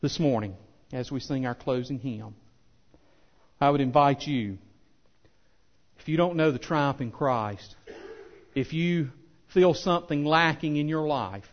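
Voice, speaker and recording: A pastor preaching a sermon with impassioned swells that drop to soft, earnest appeals. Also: male voice, mid-range voice, measured pace, lo-fi sound. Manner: impassioned preaching, rising loud then softening.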